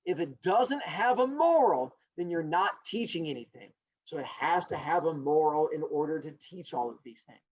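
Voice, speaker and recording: A man teaching a class, animated and joking as he talks straight to his students. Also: a little high, moderate pace, dry recording. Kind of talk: recorded classroom lecture. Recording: dull lo-fi sound.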